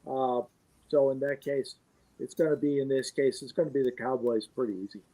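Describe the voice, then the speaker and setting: A man in a casual sports chat, hesitant and pausing often with fillers. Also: mid-range voice, fairly even intonation, mellow. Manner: hesitant, many uh pauses.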